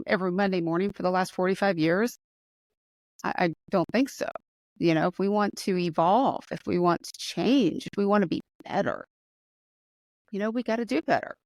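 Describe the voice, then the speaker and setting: American woman hosting a chat podcast, gets excited and emphatic, mid pitch, dry close mic. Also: a little fast, no echo. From United States. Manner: enthusiastic, emphatic, rising pitch when excited. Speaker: podcast host. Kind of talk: conversational interview.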